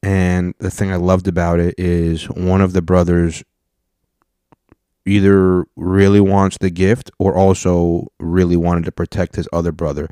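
A young man hosting a podcast, telling stories and reacting to videos in an animated, swearing, joking way. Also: low voice, no echo, clean studio sound. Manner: animated storytelling, swearing, acting out people. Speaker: podcast host. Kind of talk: casual reaction commentary.

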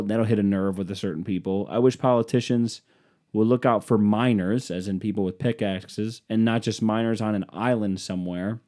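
A man's voice: lowish voice, mellow. Rambling sarcastic male podcaster. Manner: rambling, sarcastic, swears casually. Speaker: podcast host. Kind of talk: comedic monologue.

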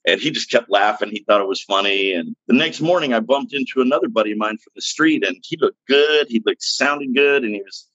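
A man's voice: fairly low pitch, brisk, few pauses, fairly bright tone, no room sound, lo-fi sound. A man in his fifties, a podcast guest, telling his own story in a blunt, frank, plainspoken way with casual slang. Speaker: podcast guest, recovery interventionist. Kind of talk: candid personal storytelling.

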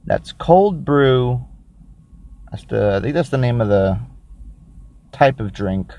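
Low-voiced rambling podcast guy. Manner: rambling, crude, self-mocking, thinks out loud. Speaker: podcast host. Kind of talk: casual solo podcast, reviewing a drink.

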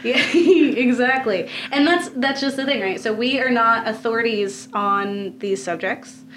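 A woman's voice: on the high side, measured pace, a bit bright, slight background noise. A woman hosting a podcast from a home basement, talking casually and laughing often between her phrases. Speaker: podcast host. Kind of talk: casual chat.

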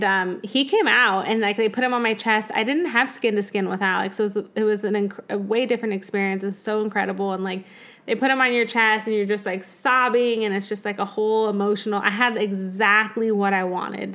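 A young woman casually telling a personal story in conversation, animated and laughing often. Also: medium pitch, normal speed.

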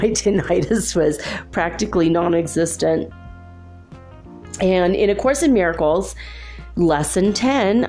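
A woman's voice: medium pitch, darkish tone. A woman hosting her own podcast, chatting straight to her listeners and laughing often between phrases. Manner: chatty, addresses listeners directly. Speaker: podcast host. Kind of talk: casual solo podcast monologue.

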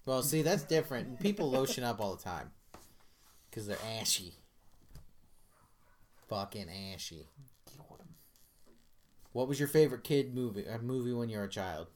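A man's voice: mid-range voice, big pitch swings, moderate pace, pauses often, darkish tone, a little hiss or hum. A man hosting a casual podcast chat who tells stories animatedly, swears freely and acts out other people's voices. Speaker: podcast host.

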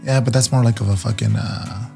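Quick talking guy rambling about his feelings, swears a lot, faint guitar in back. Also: fairly low pitch, fairly even intonation, gravelly, dark tone. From Mexican-American. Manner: rambling, self-deprecating, profane. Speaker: podcast co-host. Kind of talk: casual chat. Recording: faint guitar music behind.

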